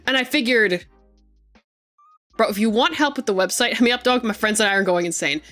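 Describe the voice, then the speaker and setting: A young adult woman streamer in casual live-stream chat, excitable and gushing, laughing often and swearing freely at a desk microphone. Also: a little high, fairly quick, faint music behind.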